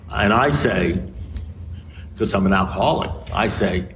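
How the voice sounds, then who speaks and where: An American man speaking at a recovery meeting, telling a story and acting out both sides of a conversation with big swings in pitch. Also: normal speed, pauses often. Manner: animated, acts out dialogue with swings in pitch. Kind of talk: storytelling talk. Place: meeting room. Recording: noisy room recording.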